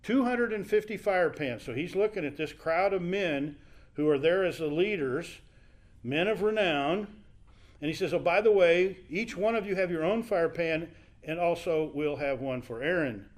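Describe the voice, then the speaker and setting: A man with a notably high voice preaching through a Bible story. He keeps it conversational and acts out the people he quotes as he retells it. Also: moderate pace. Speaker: Bible teacher. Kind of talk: sermon.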